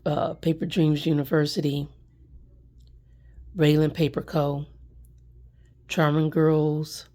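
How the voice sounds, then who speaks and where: A woman's voice: low voice, flat delivery, slow pace, long pauses, mellow. A middle-aged woman who runs small businesses, talking earnestly on a live stream, near tears and repeating words of encouragement. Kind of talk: emotional live stream talk.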